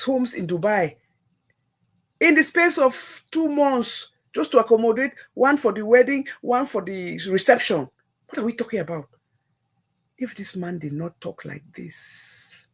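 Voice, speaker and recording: Husky Nigerian woman ranting animatedly. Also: mid-range voice. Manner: animated, mixes Nigerian Pidgin, mocking voices of others. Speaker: livestream host. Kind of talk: opinionated solo commentary.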